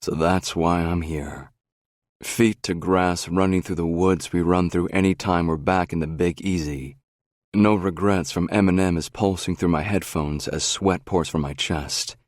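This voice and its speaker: A young adult man narrating a first-person romance audiobook in a brooding, unhurried way on a close studio mic. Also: low-pitched, fairly even intonation, no echo.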